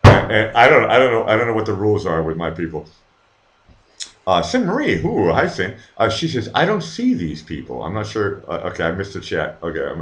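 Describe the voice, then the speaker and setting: This livestream host is a middle-aged man with a lowish, slightly bright voice. He rambles in a casual way, curses freely, and reads the chat out loud, full of fillers and false starts.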